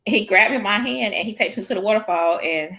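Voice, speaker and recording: A lively woman tells her story in casual talk. She laughs a lot, and when she quotes herself her voice jumps up high. Her pitch sits in the middle of the usual range. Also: quick pace. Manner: animated, laughs often, acts out her own quotes in a high voice. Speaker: guest telling her proposal story. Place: small church show studio.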